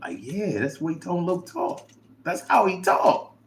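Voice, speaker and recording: A man hosting a casual livestream, reading viewer comments aloud and reacting with animated, chat. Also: measured pace. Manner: animated, drops to low mumble reading comments.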